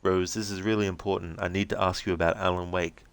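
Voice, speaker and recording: A blunt, impatient federal agent, as a man reads him aloud, pressing for answers in curt lines. The voice is low and smooth. It sounds close and dry. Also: level tone, fast talker, a bit bright, no echo. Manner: blunt, pushy, swearing. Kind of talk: reading game transcripts aloud with voices.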